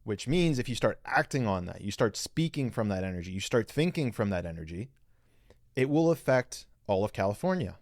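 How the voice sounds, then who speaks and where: A podcast host with a lowish, a little mellow voice speaks a little fast with big pitch swings, on a dry, studio-quality recording. He delivers an earnest spiritual teaching monologue, coaching listeners directly and repeating himself a lot, on a live stream where he reads viewer comments.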